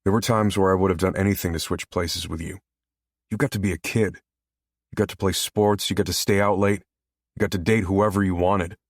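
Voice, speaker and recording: A man's voice: deep voice, fairly even intonation, a little fast, no echo, clean studio sound. A man voicing a blunt, reproachful older brother.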